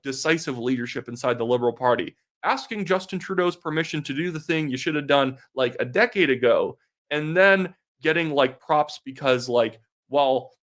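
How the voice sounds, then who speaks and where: A young man from Canada talks politics in a blunt, sarcastic, dismissive way. His voice sits at an ordinary male pitch. His delivery is casual, and he fills it with quick "like"s. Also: fairly bright tone. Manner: fast talk with many filler "like"s. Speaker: political commentator. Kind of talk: casual opinion commentary.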